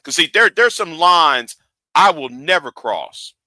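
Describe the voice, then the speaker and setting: A man's voice: a little high, expressive, unhurried, bright, forceful tone, dry recording. A man hosting a livestream rant, lecturing his viewers and often repeating and restarting his phrases. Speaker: livestream host.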